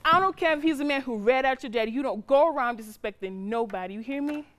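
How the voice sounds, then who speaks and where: A woman's voice: high voice, fast talker, a little hiss or hum, natural voice. A woman playing a stern, loving mother. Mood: stern scolding. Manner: scolding, pleading, colloquial. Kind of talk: drama acting.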